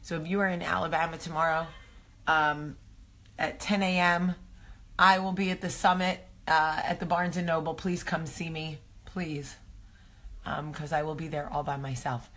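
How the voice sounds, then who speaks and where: Low-voiced New Jersey woman chatting. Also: flat delivery, moderate pace, a bit bright. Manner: chatty, rambling, self-deprecating. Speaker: vlog host. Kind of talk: casual morning chat to camera.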